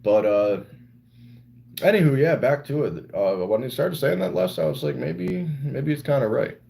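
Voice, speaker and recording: A man's voice: medium pitch, normal speed, gravelly, mellow. A young man chatting casually with viewers on a live stream, loose and rambling, swearing freely. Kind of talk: casual livestream chat with viewers.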